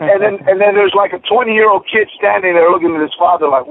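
A former football player in his fifties tells animated stories, stumbling and restarting as he goes. His voice sits fairly high with a gravelly edge. The audio is thin and tinny, like a radio phone line. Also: quick pace, no echo. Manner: animated, many restarts and fillers. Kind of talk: casual radio interview storytelling.

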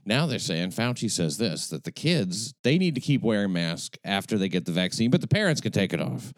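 A man's voice: fairly low pitch, very animated, fairly quick, dry recording, studio quality. An older man with a New York accent, hosting a podcast and ranting crudely and sarcastically in a casual chat. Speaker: podcast host.

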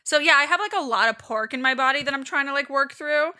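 A young woman co-hosting a podcast in casual chat, animated and rambling, swearing often. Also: high-pitched, fast talker. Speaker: podcast co-host.

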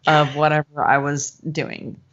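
Slow-drawling woman podcast co-host. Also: low-pitched, level tone, a bit bright. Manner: drawls slowly on favorite things, swears playfully. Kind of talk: casual chat. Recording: dull lo-fi podcast audio.

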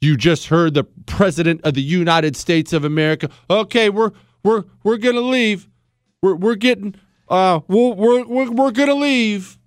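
A man's voice: a little high, steady tone, fairly quick, hardly any pauses, no room sound, studio quality, lightly acted. A man voicing a timid, spineless official who stammers and grovels in a mocking impression. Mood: groveling.

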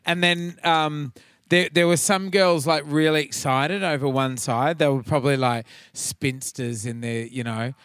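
A man's voice: fairly high pitch, fairly even intonation, unhurried, a bit bright, clean tone, no room sound, clean studio sound. An Australian man co-hosting a podcast, telling rambling, sweary anecdotes in casual chat. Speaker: podcast co-host.

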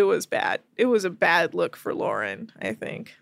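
A woman hosting a podcast, recapping a show in a chatty, rapid storytelling way with plenty of fillers, close to the mic. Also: lowish voice, big pitch swings, gravelly, dry recording. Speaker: podcast host.

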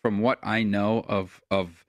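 A man's voice: on the low side, level tone, takes it slowly, dry recording. A man hosting a casual sports betting chat, easygoing as he leads the segments. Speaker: sports betting show host.

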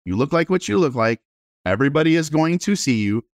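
A man, a realtor guest, telling animated and self-deprecating stories in a casual interview. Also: on the high side, brisk, dry recording, clean studio sound.

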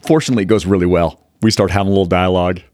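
A man in his fifties from Utah, telling animated stories as a guest in an interview and acting out the people in them. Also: sits low, racing, no room sound. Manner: animated, acts out quotes in the story. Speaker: guest, fund manager. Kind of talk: storytelling interview.

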